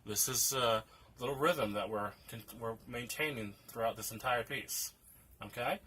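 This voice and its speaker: A man's voice: mid-range voice, moderate pace, a little hiss or hum. A man teaching a piano lesson, patiently counting rhythms aloud for students to follow. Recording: loud music under the voice. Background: piano playing.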